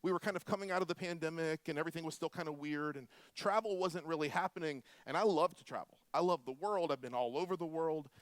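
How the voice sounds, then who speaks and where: Pastor guy in his 40s from florida, a bit high voice, lively funny stories, dry close sound. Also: fast, few pauses, no echo. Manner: animated, humorous storytelling with quiet prayer. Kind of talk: sermon with storytelling.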